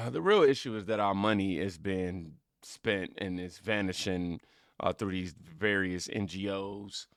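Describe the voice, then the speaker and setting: A man's voice: low voice, unhurried, no echo, studio quality. A man hosting a reaction channel, chatting in a rambling, casual way straight to his viewers. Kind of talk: casual commentary.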